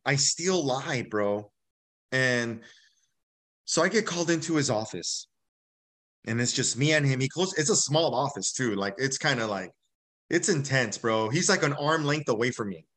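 A man's voice: mid-range voice, expressive, a little slow, fairly bright tone. Blunt, casual male podcast guest. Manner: blunt and casual, acts out dialogue, says "bro". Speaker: podcast guest, army veteran. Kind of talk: candid personal storytelling.

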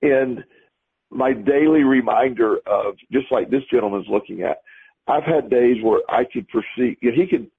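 At a moderate pace, a man with a creaky, husky, medium-pitched voice co-hosts a podcast. His casual storytelling rambles, with repeated words whenever a sentence starts, all captured in phone-like lo-fi audio.

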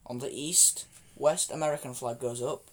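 Man, podcast co-host, rambling and excitable, mid-pitch, laughs a lot. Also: normal speed. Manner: rambling, excitable, laughs often, jumps between topics. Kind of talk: casual chat.

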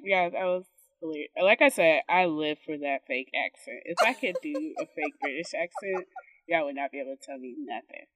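A lively woman co-hosting a casual podcast. Her lower voice swings widely and has a bright edge, and she often acts out her own reactions. The room sound is dry. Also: brisk, no echo. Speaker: podcast co-host. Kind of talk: casual chat.

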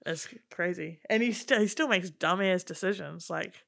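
A woman's voice: fairly low pitch, normal speed, creaky, fairly bright tone. Chatty New woman podcaster. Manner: chatty, enthusiastic, lots of fillers. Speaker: podcast co-host. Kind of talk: casual chat.

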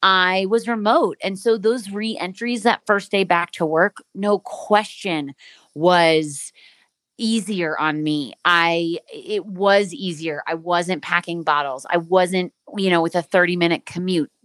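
Candid, low-voiced woman podcast host. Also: steady tone, takes it slowly, fairly bright tone, no echo. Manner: candid, reflective storytelling. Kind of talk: casual podcast chat.

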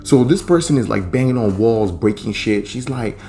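A man's voice: medium pitch, expressive, normal speed, mellow. A young man hosting a podcast, telling a story in a laid-back, profane, rambling way. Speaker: podcast host. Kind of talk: casual storytelling.

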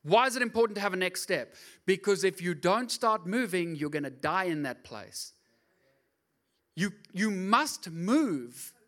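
A middle-aged man preaching a lively, joking sermon as pastor, often acting out voices in his stories. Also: high voice, a little slow. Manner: animated, jokey, acts out voices.

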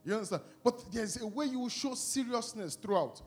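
A man preaching to a congregation, asking them questions and telling an animated personal story. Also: very high-pitched, a little fast, soft background music.

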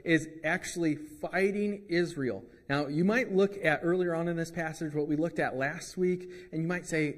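A man's voice: fairly high pitch, normal speed, hardly any pauses, in a large hall. A man preaching a sermon as pastor, in a conversational way with joking asides.

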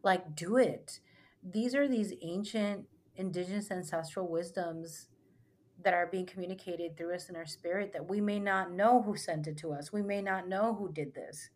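A woman's voice: on the low side, normal speed, a little mellow. A young adult woman, a spiritual retreat guide, telling stories earnestly in a casual podcast talk with many fillers. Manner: earnest, rambling, filler-heavy storytelling.

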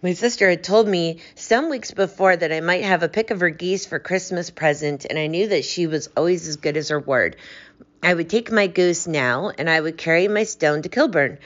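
A woman's voice: on the low side, normal speed, highs cut off, close to an everyday voice. A woman reading aloud, voicing a frightened male thief who pleads and confesses in desperation. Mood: confessing.

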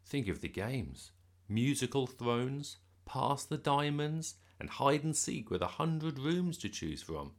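A man reading a bedtime story aloud in a lively, expressive storytelling manner. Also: mid-range voice, slow pace. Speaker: children's story reader.

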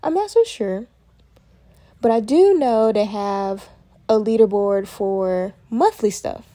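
A woman hosting a casual solo podcast, talking in a chatty, lively way and addressing listeners as y'all. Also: mid-range voice, slow. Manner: chatty, lively, uses y'all and Southern phrasing. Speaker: podcast host.

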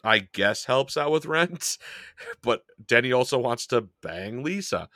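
A man's voice: mid-range voice, lively intonation, a little slow, bright, forceful tone, no room sound, studio quality. A man co-hosting a casual podcast, laughing often and swearing as he rambles through a scene. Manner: laughing, profane, scattered. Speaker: podcast co-host.

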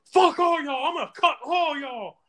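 Brief: panicky whining grown man, shrill pleading wails, very high, put on by a man in a retold story. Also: normal speed, sharp tone.

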